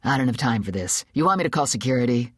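Raspy alto news boss, the narrator's put-on, curt, low, lively. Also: female voice, quick pace, no room sound, studio quality. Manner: barking, curt. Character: powerful, impatient older woman news executive.

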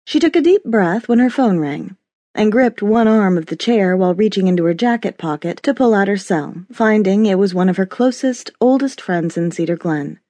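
Expressive woman audiobook narrator. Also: medium pitch, moderate pace, no room sound. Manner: expressive storytelling. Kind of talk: scripted narration.

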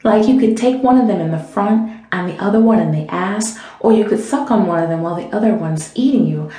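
A woman voicing an eager, excitable young woman in an audiobook, talking quick and breathless. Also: medium pitch, close to an everyday voice. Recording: roomy echo.

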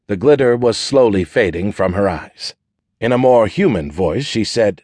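A man narrates an audiobook from a script in a measured, even storytelling manner. His voice is on the low side, with no room sound.

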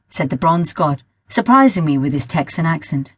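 A woman narrates a first-person story for an audiobook at a measured pace. Her voice has a soft husky edge. It is recorded on a close mic in a dry, dead room. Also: sits low, dry recording. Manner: measured storytelling, sometimes rereading a line.

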